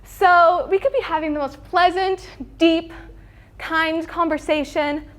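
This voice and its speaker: A woman's voice: very high-pitched, steady tone, unhurried, a bit bright. A teenage girl performing a stand-up routine, acting out family members in different voices. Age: teens. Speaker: student comedian.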